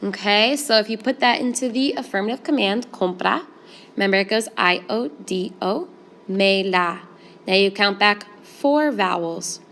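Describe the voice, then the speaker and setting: A woman teaching a Spanish grammar lesson, explaining each step in a clear, steady way. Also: mid-range voice, a little slow, a little hiss or hum.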